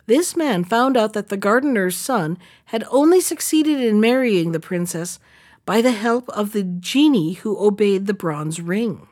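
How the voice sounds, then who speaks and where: A woman reading a fairy tale aloud in a steady, measured storytelling manner. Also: mid-range voice. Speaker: narrator.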